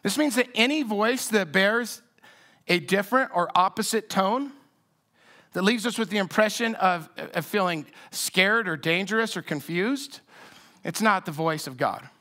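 A man's voice: high voice, unhurried, sharp tone. A man preaching a sermon in a conversational, reflective way with frequent restarts. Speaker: pastor.

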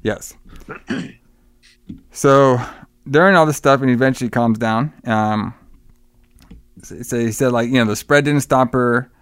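A man's voice: medium pitch, unhurried, long pauses, a bit bright, clean tone, no room sound, clean studio sound. A man casually retelling a film plot, swearing freely and acting out the characters' lines. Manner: profane, rambling, acts out quoted lines. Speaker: podcast co-host recapping a film. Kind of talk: casual chat.

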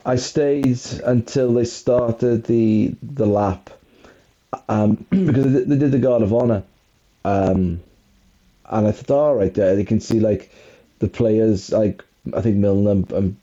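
A man chatting about football in a very dark, mellow voice, rambling and poking fun at himself. The recording is dull and lo-fi, like a home podcast setup. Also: lowish voice. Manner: rambling, self-mocking, often laughing. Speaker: podcast co-host. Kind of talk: casual football chat.

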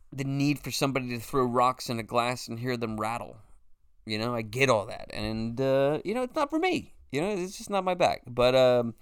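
Smooth-voiced man in his forties, rambling. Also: medium pitch, no echo, clean studio sound. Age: 40s. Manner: rambling, swears freely, says "you know" constantly. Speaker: podcast host. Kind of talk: casual solo monologue.

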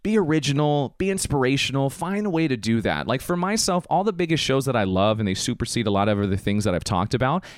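A man's voice: mid-range voice, very animated, fast, hardly any pauses, clear, resonant tone, dry recording, clean studio sound. A man hosting a podcast and delivering an enthusiastic, hyped-up pep talk. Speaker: podcast host. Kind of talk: motivational podcast monologue.

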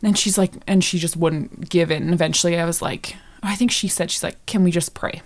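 Woman, lowish voice, casual interview storytelling, chatty, filler-heavy. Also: steady tone, fairly quick. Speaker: guest recounting events.

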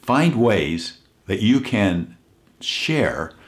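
Deep-voiced male speaker, earnest and inspirational, leans on stories and slows down for emphasis. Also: very animated. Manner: earnest, slows down to stress key points. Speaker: motivational speaker. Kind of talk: inspirational talk with storytelling.

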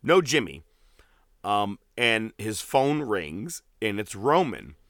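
A man tells stories with animated energy, slipping into quoted voices and swearing freely. His voice is bright and forward. The recording is dry and close, with no room sound. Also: lowish voice, slow, dry recording. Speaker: podcast co-host. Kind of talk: casual wrestling recap chat.

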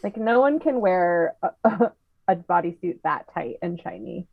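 A woman's voice: on the low side, expressive, unhurried, gravelly, no room sound. A woman co-hosts a podcast in easy, casual chat. She talks in a chatty, giggly way and quizzes her co-host. Her voice comes through a dull, lo-fi mic in a dry space.

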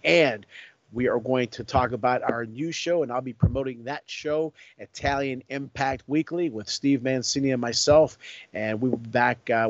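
Brief: man as podcast host, conversational plugs, middle pitch, dry, slightly muffled. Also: dry recording. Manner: conversational, reels off sponsor plugs and phone numbers. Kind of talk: interview hosting and sponsor reads.

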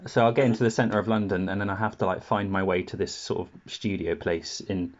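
A man's voice: low voice, level tone, fairly quick, muffled recording. A man on a podcast, telling rambling stories full of laughs and acted-out quotes, in casual chat.

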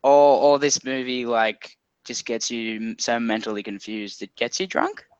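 Slow-talking man with dry jokes. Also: mid-range voice, clear, resonant tone, dull audio. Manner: dry joking asides. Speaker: podcast guest. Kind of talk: casual podcast chat.

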